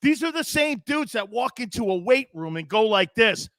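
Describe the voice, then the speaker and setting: A man hosting a sports talk show, giving animated, sarcastic, ranting opinions. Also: very high voice, normal speed, no room sound, studio quality.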